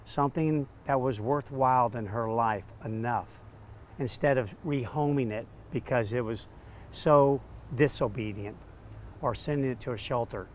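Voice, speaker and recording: A man, a dog trainer, telling stories in an interview, animated and acting out quotes. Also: medium pitch, a little hiss or hum. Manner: animated, acts out quotes with laughs. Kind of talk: storytelling interview answers.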